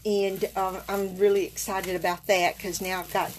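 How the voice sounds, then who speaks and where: A woman's voice: medium pitch, flat delivery, normal speed, slight background noise. Chatty woman greeting viewers. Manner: chatty, greets viewers by name, frequent fillers and small laughs. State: a little tired. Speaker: card-making demonstrator hosting a live stream. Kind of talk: casual live-stream chat.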